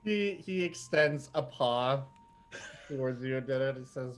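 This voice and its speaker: A man running a tabletop role-play game as game master, at an ordinary pitch. He narrates in a relaxed, easygoing way with plenty of fillers and pauses.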